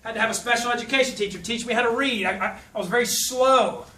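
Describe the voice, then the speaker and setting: Bright-voiced man speaking in an echoey hall. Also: very high-pitched, quick pace, recorded from a distance. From South Louisiana. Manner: folksy, humorous, puts on voices when quoting. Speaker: motivational speaker. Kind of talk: motivational speech with storytelling.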